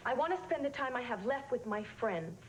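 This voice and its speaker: Actress as a dramatic aging actress, higher voice, old hissy tape. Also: female voice, lively intonation, a little fast, natural voice. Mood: brave. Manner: dramatic, self-aware. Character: aging actress putting on brave airs.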